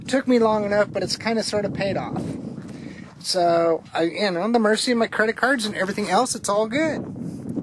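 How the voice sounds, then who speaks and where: A woman talking candidly to the camera outdoors at an oil well site, chatty and rambling, quick to laugh. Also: mid-range voice. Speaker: vlogger. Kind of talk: candid personal vlog. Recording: noisy outdoor recording.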